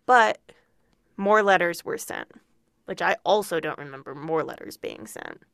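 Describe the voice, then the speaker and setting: A woman's voice: on the low side, expressive, unhurried, vocal fry, fairly bright tone, no echo, studio quality. A woman co-hosting a podcast, reading prepared true crime narration with casual asides. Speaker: podcast co-host.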